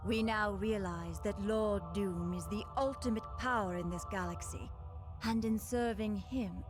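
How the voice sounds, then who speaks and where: A woman's voice: mid-range voice, unhurried, lightly acted. A woman voicing a brainwashed female ninja psychic, loyal to a tyrant, with a cool, taunting delivery, from game audio. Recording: game audio over music.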